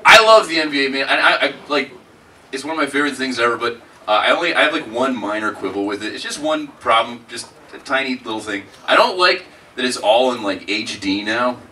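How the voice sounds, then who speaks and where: A man's voice: medium pitch, lively intonation, fairly quick, bright, forceful tone. A man doing a stand-up comedy set, rambling and self-deprecating, saying "like" and "man" a lot, recorded live in a comedy club. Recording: live club audio, mic heard from a distance, crowd noise.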